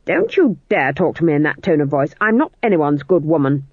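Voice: mid-range voice, big pitch swings, a little fast, dry recording. A reader voicing a stern, proud old witch who speaks with cold contempt. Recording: tinny phone-like audio, dry.

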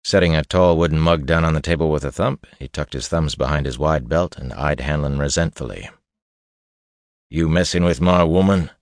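Male audiobook narrator, extremely low voice, measured and steady, dry booth sound. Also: dry recording. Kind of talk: scripted fantasy narration.

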